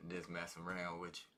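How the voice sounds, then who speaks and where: A man hosting a live trading stream with a fairly low voice that has a very bright, cutting edge. He teaches in a loose, conversational way, full of ums and restarts. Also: a little hiss or hum. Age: adult with a child. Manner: casual, loose, conversational with many fillers. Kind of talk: live market commentary and teaching.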